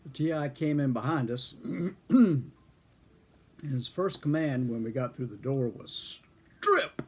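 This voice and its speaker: An older man, a former airman, telling a story from his own past in a casual, folksy way, chuckling and clearing his throat now and then. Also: mid-range voice, a little slow, mellow. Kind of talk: casual spoken memoir storytelling.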